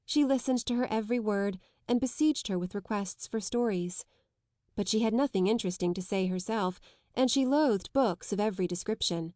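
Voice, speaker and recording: Female narrator for a classic novel, even and measured, dry close recording. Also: mid-range voice, dry recording. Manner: measured, even literary reading. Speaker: audiobook narrator.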